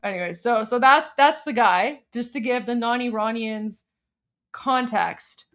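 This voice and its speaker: A young woman from Iran chats through a livestream in a slightly high voice. She rambles and restarts, filling her talk with "like" and "um" as she explains things to her viewers. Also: a little slow, fairly bright tone, faint music behind. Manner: chatty, many fillers and restarts, explaining a meme. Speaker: host. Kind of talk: casual livestream commentary.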